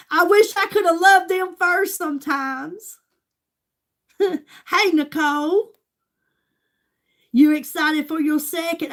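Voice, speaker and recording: Older woman, high-pitched, gushing livestream host chat. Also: a bit bright. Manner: chatty, gushing, talks straight to viewers.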